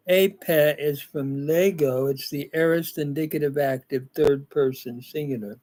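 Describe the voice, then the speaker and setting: An older man teaching a scripture reading and grammar lesson in a slow, halting way with frequent fillers. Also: on the high side, steady tone, darkish tone. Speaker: Bible teacher.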